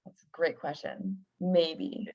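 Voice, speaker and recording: A woman's voice: sits low, sing-song, slow, darkish tone. A woman hosting an interview, giving brief and curious replies and asking questions. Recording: dull lo-fi recording.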